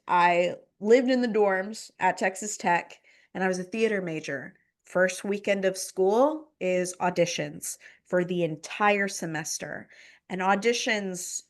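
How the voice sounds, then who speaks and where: Woman guest, middle-pitched voice, conversational storytelling, filler-heavy, repeats herself. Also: a bit bright. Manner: rambling, filler-heavy speech with frequent "like" and "um"; repeats phrases for emphasis. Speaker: podcast guest.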